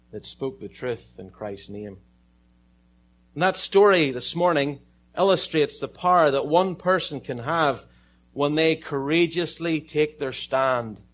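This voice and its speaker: A man with an Irish accent preaching a sermon, telling a story with dramatic pauses and some joking asides. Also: a little high, expressive. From Ireland.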